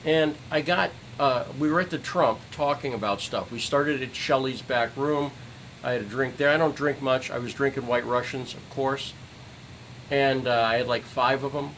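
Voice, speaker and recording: An angry middle-aged man in a livestream rant, voice of ordinary pitch, swearing and hammering the same phrases again and again. A faint hum sits under the recording. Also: fairly bright tone, low-quality recording. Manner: furious, profane, repeats phrases for emphasis. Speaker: citizen journalist streamer.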